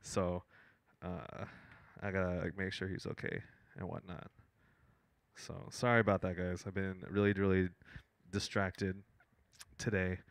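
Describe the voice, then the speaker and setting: A man's voice: deep voice, flat delivery, a little slow, vocal fry, pauses often, no room sound. Young man, DJ streamer, rambling and stammering, dry close sound. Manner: rambling, stammering, laughs often. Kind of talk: casual live-stream chat.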